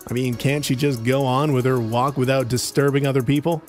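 A man's voice: mid-range voice, fairly even intonation, fairly quick, loud music behind the voice. A man narrating a compilation with scripted, mocking commentary.

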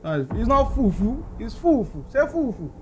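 Loud, playful Nigerian man. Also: extremely high pitch, very animated, moderate pace. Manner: loud, playful, rambling pidgin banter. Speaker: comic playing a makeshift Santa. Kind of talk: comedy skit.

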